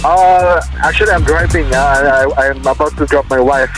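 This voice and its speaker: Male caller on phone while driving, higher voice, faint music behind. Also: moderate pace, fairly bright tone. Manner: grateful, hesitant. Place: car. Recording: phone call from a car.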